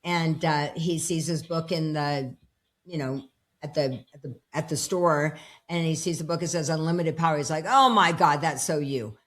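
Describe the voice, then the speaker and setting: A woman's voice: sits low, fairly even intonation, normal speed. A woman in her fifties, a personal development coach, telling her story in a casual interview at home and acting out the dialogue. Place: home with dogs around.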